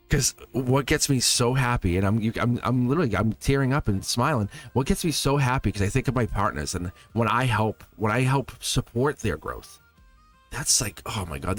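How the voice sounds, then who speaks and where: A man's voice: medium pitch, dry recording. A man doing a live-stream tarot reading, talking in a rambling, emphatic way, repeating words and laughing often. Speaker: tarot reader.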